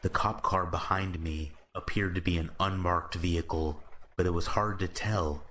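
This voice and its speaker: A man narrating horror stories in a slow, measured, calm scripted style. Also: deep voice, slight background noise.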